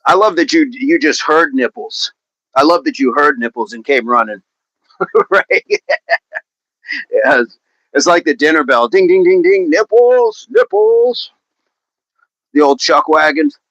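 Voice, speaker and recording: A man's voice: medium pitch, measured pace, long pauses, bright, forceful tone, no echo, highs cut off. Joking man leading a live workout. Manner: joking, laughs often, banters with viewers. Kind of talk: casual livestream chat. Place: outdoors.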